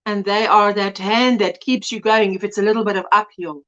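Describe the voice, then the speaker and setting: A woman's voice: mid-range voice, steady tone, moderate pace, fairly bright tone, muffled recording. A woman hosting a casual crochet livestream, chatting and teasing, greeting viewers by name. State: a little out of breath. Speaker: livestream host. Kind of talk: casual live chat while crocheting.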